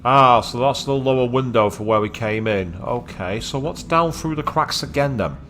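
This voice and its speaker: A man's voice: mid-range voice, moderate pace, a bit bright, slight background noise. A man from Manchester, casually commenting while streaming a game, with chatty, wry asides. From Manchester, England. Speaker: let's play streamer.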